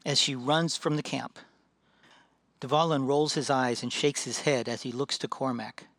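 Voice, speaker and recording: A man reading a fantasy tale aloud as narrator, measured and dramatic. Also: medium pitch, fairly even intonation, a bit bright, no echo.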